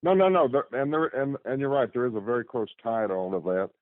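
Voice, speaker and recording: A man talking as a guest in casual conversation, halting and repeating words as he thinks. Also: medium pitch, very animated, no echo. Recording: tinny phone line.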